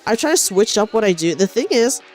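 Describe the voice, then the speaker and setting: A woman's voice: medium pitch, big pitch swings, a little fast, a little mellow, faint music behind. A young woman streamer chatting casually while she knits, rambling and self-deprecating, often restarting her sentences. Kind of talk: casual chat while knitting.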